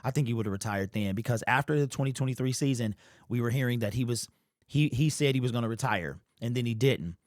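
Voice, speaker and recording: A man's voice: medium pitch, fast talker, no echo. Emotional man talking sports, dry sound. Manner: casual, repeats himself, says "bro" and "man". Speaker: fan channel host. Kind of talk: emotional sports commentary monologue.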